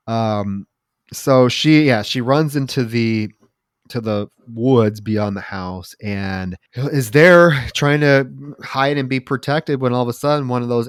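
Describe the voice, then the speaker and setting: On a podcast, this co-host walks through a horror film's story in a relaxed way, full of profanity and lively quoted voices. His mid-range voice has a clean tone with no room sound.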